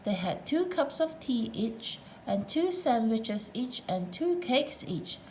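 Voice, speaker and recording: A woman's voice: a little high, sing-song, slow, darkish tone, slight background noise, low-quality recording. Woman reading a storybook aloud. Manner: playful, chatty asides to the listener. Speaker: narrator.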